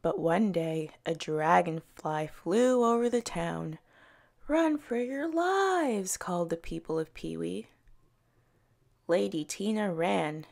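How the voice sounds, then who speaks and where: Woman educator, children's story time reader: slow, gravelly, expressive. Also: on the low side. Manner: slow, expressive read-aloud with soft character voices. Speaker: early years educator.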